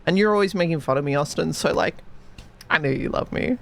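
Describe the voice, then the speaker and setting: A man's voice: a little high, fairly quick, creaky, a bit bright, slight background noise. Giggly sniffly man streaming. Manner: rambling, giggly, self-mocking. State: hiccuping, sniffly. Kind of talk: casual chat.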